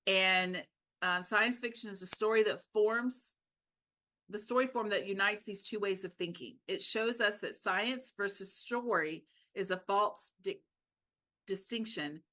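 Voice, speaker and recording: A woman co-hosts a casual book chat. Her voice is bright and forward at a middle pitch, and she talks in quick, animated asides. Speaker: podcast co-host.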